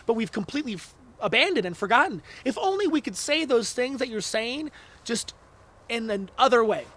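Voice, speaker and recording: A man, a stand-up comedian guest, talking in a halting, deadpan, sarcastic way in casual chat. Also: very high voice.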